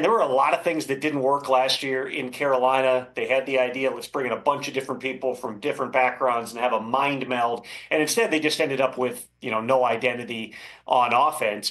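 Measured man giving football analysis. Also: medium pitch, fairly bright tone. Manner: measured, thoughtful, with frequent fillers. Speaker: NFL insider. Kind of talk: analytical interview commentary.

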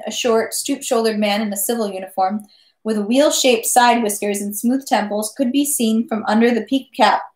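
A woman reading a classic novel aloud in measured, steady narration. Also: on the high side. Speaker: reader. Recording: echoey room.

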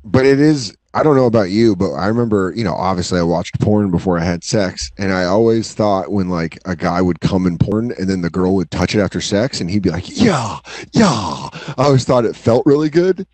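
A man in his late thirties, a podcast co-host, telling crude comic stories in casual chat and acting out quotes in high yelps. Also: a little fast, hardly any pauses, no echo. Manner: animated, swears freely, acts out quotes in high yelps. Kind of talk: casual comedic storytelling.

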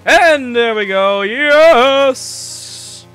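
A young man giving excitable, swearing let's play commentary as he plays. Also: very high voice, very slow, clear, resonant tone. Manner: excitable, cursing, talking to himself. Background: game music.

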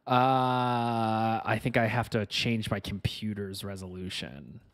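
A man's voice: fairly low pitch, takes it slowly. A man chatting casually to viewers on a live stream as he fixes his game setup, frustrated and self-mocking, muttering to himself.

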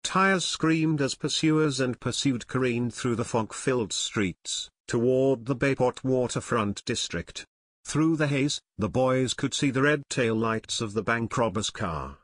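A man reading a novel aloud as an audiobook narrator, steady and measured. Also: mid-range voice, no echo, studio quality. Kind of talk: scripted narration.

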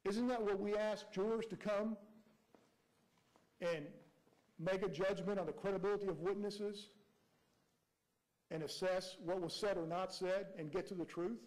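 A man's voice: high-pitched, steady tone, a little slow, long pauses, a little mellow, low-quality recording. A man arguing as prosecutor before a judge, reading out quotes and pressing rhetorical questions. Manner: reads quotes aloud. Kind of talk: courtroom argument.

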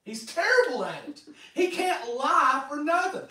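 High-voiced pastor preaching in an echoey hall. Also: male voice, a little slow, far from the mic. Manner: lively, animated storytelling with acted-out quotes. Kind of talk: sermon.

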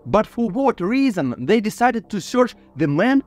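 A man's voice: high-pitched, sing-song, unhurried, a little mellow. A man narrating and commenting between video clips in a plain, matter-of-fact way. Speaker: channel host.

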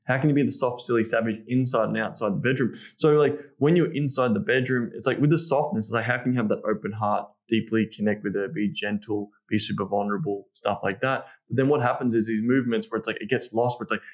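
A man's voice: fairly low pitch, fast talker, hardly any pauses. A man as a podcast guest and intimacy coach, talking in a casual, frank way with lots of swearing and fillers. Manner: frank, profane, animated, with frequent fillers.

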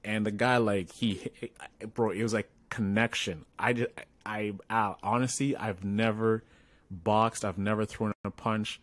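A man's voice: lowish voice, measured pace, no room sound. A man co-hosting a podcast, telling a story in casual chat and acting out the voices of the people in it. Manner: animated storyteller, acts out quoted voices. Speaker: podcast co-host.

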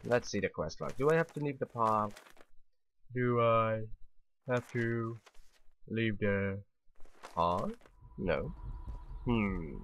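A man's voice: on the low side, slow, long pauses, a bit bright, slight background noise. A man casually commentating a video game playthrough, joking and talking back to the characters. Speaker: gamer commentating his playthrough. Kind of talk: casual let's play commentary.

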